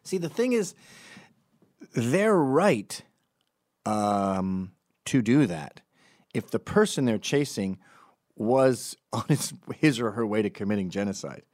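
Sardonic man with a lively, swinging voice. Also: mid-range voice, slow, long pauses, dry recording, studio quality. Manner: sardonic, jumps into mocking impressions; animated, swings between loud and hushed. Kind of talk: comedic political monologue.

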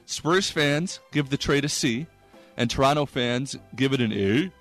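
A man hosting a comedy sports segment, delivering rapid jokes and laughing at his own punchlines. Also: mid-range voice, a bit bright, faint music behind.

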